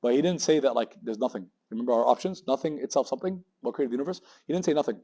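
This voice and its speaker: A man in his thirties giving a religious talk to university students in a lecture room, talking very fast and acting out the voices of people in his stories. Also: mid-range voice, animated, mellow. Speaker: Muslim speaker giving a campus talk.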